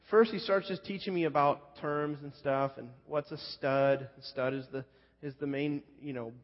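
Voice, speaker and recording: A man telling a personal story as a pastor in a sermon, talking in a loose, conversational, self-deprecating way full of fillers. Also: mid-range voice. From California Central Coast. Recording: muffled sound with long hall reverb.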